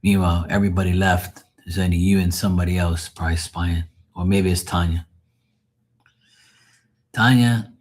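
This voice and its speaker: A man's voice: sits low, steady tone, normal speed, long pauses, slightly rough. A man hosting a late-night live tarot stream, telling stories in a rambling, profane way and laughing at them. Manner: laughs often at his own stories. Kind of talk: late-night livestream storytelling.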